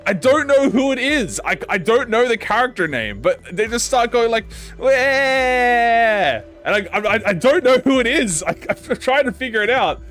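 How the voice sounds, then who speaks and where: A man's voice: sits high, a bit bright. A man streaming a game, chatting casually with rambling, profane talk and stammered restarts. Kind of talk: casual live-stream chat.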